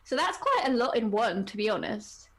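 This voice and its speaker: A woman's voice: fairly high pitch, big pitch swings, normal speed. A woman, co-hosting a fan podcast and chatting casually with a friend. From England. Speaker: podcast co-host. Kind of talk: casual chat.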